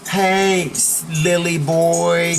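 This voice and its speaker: A man's voice: a little high, little pitch movement, drawn-out words, slight background noise, pitched above the performer's own voice. A man voicing a taunting bully in a mocking, sneering way. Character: taunting schoolyard bully, adult male.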